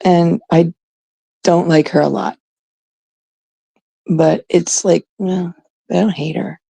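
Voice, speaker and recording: A woman's voice: lowish voice, steady tone, slow, vocal fry, warm tone, husky, no room sound. A woman from Canada talking casually on a livestream, aggrieved and emphatic, repeating her points.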